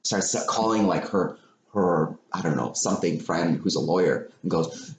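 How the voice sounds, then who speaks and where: A man's voice: sits low, normal speed, creaky. A man hosting a podcast, animatedly retelling a story in casual chat, swearing and repeating himself. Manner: animated, profane, repetitive retelling. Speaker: podcast host. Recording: echoey room with faint noise.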